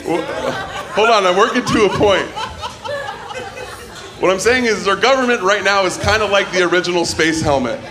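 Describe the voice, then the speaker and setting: High-voiced man hosting stand-up. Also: normal speed, pauses often, crowd noise. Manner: loose, joking, does silly voices for bits. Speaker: comedy show host. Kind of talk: stand-up comedy. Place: comedy club stage.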